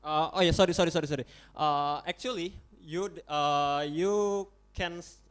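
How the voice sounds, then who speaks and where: A young man with an Indonesian accent, chairing a model UN vote in English, halting and often correcting himself as he calls on delegates. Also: on the high side, clean tone. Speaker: conference chair.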